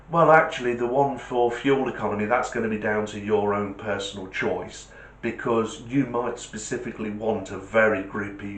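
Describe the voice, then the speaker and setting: Low-voiced man chatting in an echoey room. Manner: chatty, joking, rambling asides. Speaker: host. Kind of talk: casual explainer monologue.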